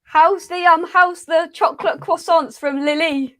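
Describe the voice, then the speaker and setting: A woman's voice: extremely high pitch, fairly even intonation, measured pace, fairly bright tone. A woman hosting a live stream, giggling as she reads out chat comments. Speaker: host.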